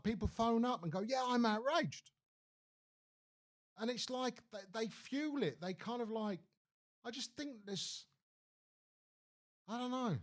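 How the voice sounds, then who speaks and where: A man hosting a live stream, ranting bluntly about the news with lots of swearing. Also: sits high. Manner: blunt, animated, swears freely. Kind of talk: casual opinion rant on a live stream.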